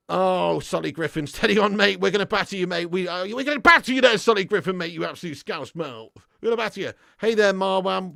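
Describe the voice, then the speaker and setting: A man's voice: high voice, gravelly, no room sound, clean studio sound. A man hosting a football fan live stream, chatting casually and reading out viewer comments with blunt, upbeat banter. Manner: blunt banter, loud and upbeat when hyping. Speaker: football fan channel host.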